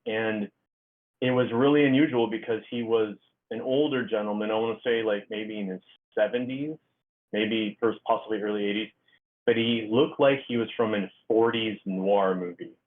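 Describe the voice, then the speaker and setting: A middle-aged man, a guest author, telling a story in a halting way with many fillers and restarts. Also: lowish voice, fairly even intonation. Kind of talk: casual storytelling interview. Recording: tinny phone-like line.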